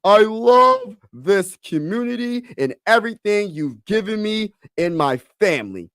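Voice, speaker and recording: A man doing an impression of a famous basketball center, earnest and drawn out, with each phrase stretched slowly. The voice is pushed a bit higher than his own, and the room sounds dry and close. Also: very animated, fairly bright tone, dry recording, full character voice.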